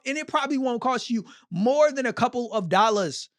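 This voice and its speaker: A man's voice: very high-pitched, animated, normal speed, few pauses, a bit bright, no room sound, clean studio sound. A male host giving blunt, mocking, slangy reaction commentary.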